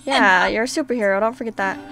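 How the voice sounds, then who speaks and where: A woman's voice: mid-range voice, quick pace, over music. A woman hosting a casual let's-play, chatting and reacting aloud to her game. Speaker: gaming channel host.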